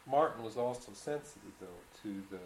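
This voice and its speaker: In an echoey room with a faint hiss, a lowish-voiced interviewer who is an economist talks briskly and animatedly in a darkish tone. During this oral history interview, he asks thoughtful, leading questions and thinks aloud through his points before letting the other person speak.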